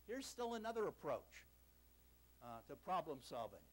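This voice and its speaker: An older man lectures in a hall, his voice pitched high for a man. He swings through his pitch freely, animated and storytelling, with dry jokes at his own expense. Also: normal speed. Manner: animated storytelling, self-deprecating humor. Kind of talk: university lecture.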